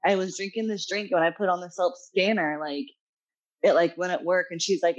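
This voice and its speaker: A woman pastry chef as a podcast guest, relaxed and chatty in casual conversation, laughing easily. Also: lowish voice, a little fast, muffled recording. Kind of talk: casual chat.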